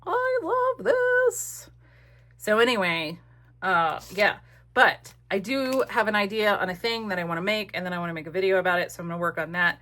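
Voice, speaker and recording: A woman's voice: on the low side, fast, pushed and bright. A woman chatting casually and rambling with many fillers in a crafting vlog, recorded at home on a desk camera. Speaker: crafting vlogger.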